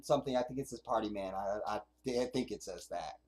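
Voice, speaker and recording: A man's voice: lowish voice, fairly quick, a little mellow. A man hosting a casual livestream, rambling and swearing as he reads out viewer comments. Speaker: livestream host.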